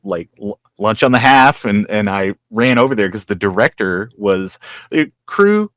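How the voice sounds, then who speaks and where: A man's voice: lowish voice, lively intonation, a little slow, a bit bright, no echo. A man hosting an interview, chatting casually and swapping stories, often trailing off and restarting. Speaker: host.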